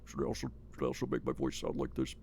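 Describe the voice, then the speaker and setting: A man putting on a comically deep, gravelly voice, talking quickly and mock-seriously, a little off the mic. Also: monotone, a little mellow, slight background noise.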